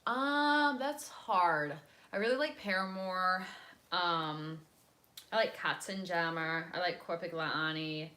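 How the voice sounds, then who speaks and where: A woman's voice: lowish voice, takes it slowly, bright, forceful tone. A young woman from the United States chatting casually with her live viewers, rambling with lots of fillers and wandering off topic. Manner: rambling, many fillers, drifts between topics and languages. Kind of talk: casual chat.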